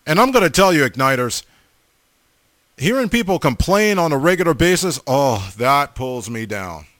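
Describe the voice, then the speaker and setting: A man's voice: fairly high pitch, sing-song, normal speed, a bit bright, dry recording, clean studio sound. A man in his forties preaching a sermon, emphatic, with stammering restarts and repeated calls to his listeners.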